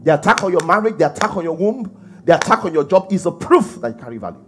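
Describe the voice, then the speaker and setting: Pastor guy preaching, lively swooping voice, bit high, soft music behind. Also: fast. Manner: emphatic preaching with rhetorical questions. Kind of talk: sermon.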